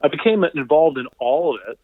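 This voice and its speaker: A physical therapist guest on an interview podcast, this man spins animated anecdotes and does voices for the people he quotes. His voice sits on the high side and his pace is brisk, coming through a tinny phone line without echo.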